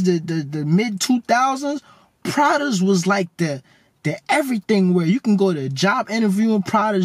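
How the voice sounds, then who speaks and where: A man, telling a story in a joking, slangy, animated way. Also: sits high, no room sound. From New York. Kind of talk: casual storytelling.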